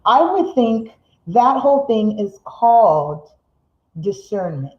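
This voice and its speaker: A middle-aged woman hosting a live motivational show, seated, speeding up when excited and slowing to make a point, reading viewer comments aloud. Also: on the high side. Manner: reads viewer comments aloud, laughs often. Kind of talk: live-streamed motivational talk. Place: seated indoors in a room. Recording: roomy, slightly dull live-stream audio.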